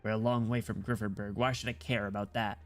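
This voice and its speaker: A man's voice: fairly low pitch, little pitch movement, quick pace, faint music behind, lightly acted. A man reading aloud as a curt, suspicious male imperial guard sergeant.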